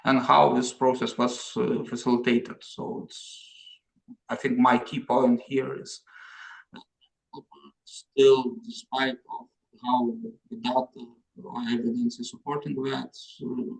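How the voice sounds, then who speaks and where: Slow, halting man with a gravelly voice. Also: medium pitch, level tone. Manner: halting, searching for words with frequent repeats. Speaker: conference panelist. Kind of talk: conference presentation. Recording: roomy echo.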